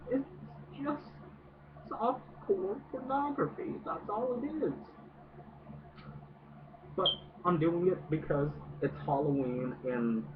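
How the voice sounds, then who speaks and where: A man giving a casual, profane movie rant, hesitant and full of fillers. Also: on the high side. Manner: hesitant, many fillers, swears a lot. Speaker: movie reviewer. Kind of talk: casual ranting film review. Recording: distant noisy phone-like audio.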